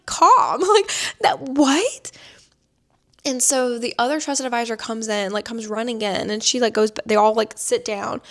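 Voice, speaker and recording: A young woman in her twenties tells a personal story to camera while seated indoors. She talks in a chatty, rambling way, with "like" dropped into almost every phrase. Her voice sits a little high for a woman. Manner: chatty, many filler "like"s. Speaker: vlogger.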